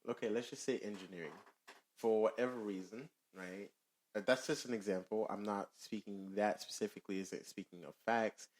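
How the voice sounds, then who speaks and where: A man co-hosting a casual podcast, explaining his point with fillers and pauses to find words. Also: lowish voice, steady tone, a little mellow. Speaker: podcast co-host.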